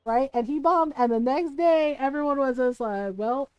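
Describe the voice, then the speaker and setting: A woman game streamer chatting casually while she plays, animated, laughing often and swearing freely. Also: sits high, normal speed, no room sound, muffled recording. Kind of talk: casual chat while playing a life-sim game.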